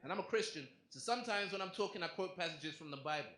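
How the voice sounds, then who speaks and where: A young English comedian works the room with punchy, chatty asides in a fairly high voice. His set rings around an echoey club, with the audience's laughter and clatter clearly behind him. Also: animated, fast, sharp tone, a little hiss or hum. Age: young adult. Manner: punchy, conversational delivery with asides to the crowd.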